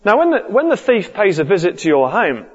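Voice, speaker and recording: A man's voice: sits high, huge pitch swings, brisk, husky. Casting: earnest male preacher, sermon delivery, lo-fi sound with long hall echo. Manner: earnest, repeats key points. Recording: dull lo-fi recording with long hall reverb.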